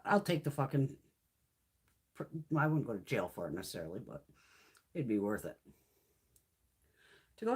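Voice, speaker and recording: A woman in her fifties, speaking from her mountain home, hosts a relaxed beauty livestream and rants with blunt, nonstop profanity. Her medium-pitched voice is sing-song at a normal speed, and she pauses often.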